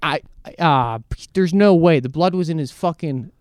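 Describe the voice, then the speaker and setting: A man co-hosting a podcast, telling a crude story in casual chat with an animated, profane delivery. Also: fairly high pitch, measured pace, no echo, clean studio sound. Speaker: podcast co-host.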